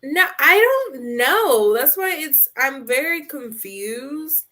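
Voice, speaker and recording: Bright-voiced animated woman co-host. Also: sits high, takes it slowly. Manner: animated, laughing, rambling asides. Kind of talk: casual reality TV review chat.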